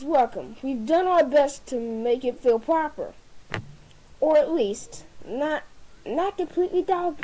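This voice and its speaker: A woman's voice: high voice, mellow, slight background noise, low-quality recording. A woman giving a comedic formal toast, often tripping over words and restarting them. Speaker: speaker giving a dinner toast.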